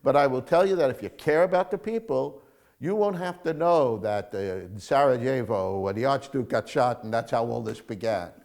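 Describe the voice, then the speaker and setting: A male screenwriter in an interview, talking in an animated storytelling way, acting out film scenes and swinging from hushed to loud. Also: medium pitch, normal speed, gravelly. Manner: acts out film scenes, mimics crowds, shifts from hushed to loud.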